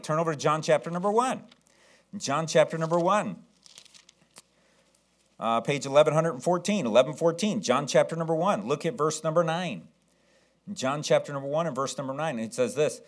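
A man preaching a sermon as pastor, slowing down to read verses aloud and calling on the congregation to answer. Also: on the high side, fairly bright tone. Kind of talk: sermon with scripture reading.

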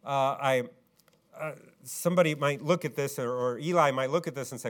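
At a normal speed, a male pastor preaches, leaning on rhetorical questions and moving back and forth between loud, emphatic peaks and soft, low lulls.

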